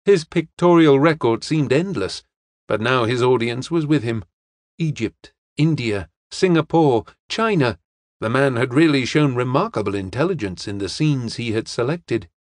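A man narrating a detective novel as an audiobook in a steady, measured way. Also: mid-range voice, dry recording, studio quality.

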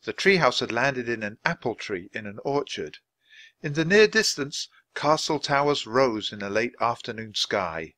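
Expressive man reading a storybook. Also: mid-range voice, normal speed, no room sound. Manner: expressive, clear, natural pace. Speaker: storybook reader. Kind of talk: reading a children's book aloud.

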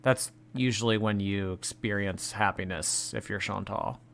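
A man's voice: lowish voice, fairly even intonation, measured pace, creaky, fairly bright tone, a little hiss or hum. A man hosting a reaction commentary, making sarcastic, mocking remarks about the clips. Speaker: commentary host.

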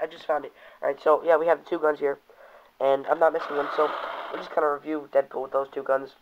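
A man's voice: fairly high pitch, little pitch movement, fast talker, background noise. A young man casually reviewing toys, rambling and cursing now and then, reading comic panels aloud in put-on voices. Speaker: toy reviewer. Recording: dull lo-fi home video audio.

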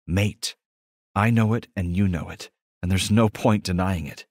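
A man's voice: low-pitched, measured pace, no echo, studio quality. A man voicing a bold young woman omega in an audiobook romance, with earnest, intimate pleading. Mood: tender.

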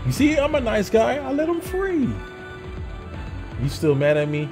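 A young man streaming a video game, loudly and excitedly talking back to the characters on screen in casual, swearing slang. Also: extremely high pitch, unhurried, over music. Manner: loud, animated, talks to game characters. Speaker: gameplay streamer. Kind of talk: excited gameplay commentary.

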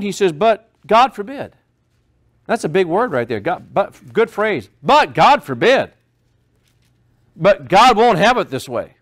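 Guy pastor preaching hard, kinda high voice, keeps hammering the same lines. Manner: impassioned preaching, repeating phrases with rising emphasis. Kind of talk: sermon.

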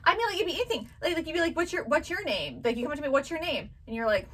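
A woman's voice: high-pitched, big pitch swings, racing, fairly bright tone, recorded from a distance, a little hiss or hum, rough recording. Chatty woman telling family stories. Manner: chatty storytelling, acts out her kids' voices. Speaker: vintage box seller and mother. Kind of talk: casual chat.

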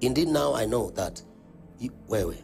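At a church conference, a man with a Kenyan accent preaches a sermon, calling out to the congregation and leading call-and-response. His booming delivery swings suddenly in pitch and volume, with lively intonation, vocal fry, a little mellowness, and an unhurried pace. Soft music plays in the background.

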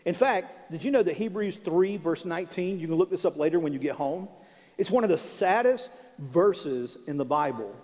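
A man's voice: on the high side, expressive, normal speed, a little mellow. A man preaching a sermon as pastor, in an emphatic, conversational style with lots of repetition. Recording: long hall reverb, dull sound.

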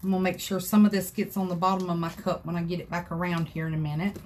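A woman's voice: on the low side, flat delivery, quick pace, darkish tone. Woman host, folksy live craft demo, chatty with viewers, faint home room noise in the background. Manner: chatty, folksy, talks to viewers as she works. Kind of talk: live-stream craft tutorial. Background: dogs scratching in another room.

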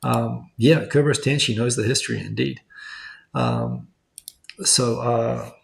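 A man's voice: medium pitch, animated, unhurried, creaky. A man from New Zealand, speaking with a New Zealand accent tinged with Australian, hosting a casual livestream and rambling through viewer comments with lots of fillers and restarts. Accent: New Zealand, slightly Australian. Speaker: livestream host. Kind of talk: casual live-stream chat reading viewer comments. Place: home in Australia. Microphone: desk USB microphone.

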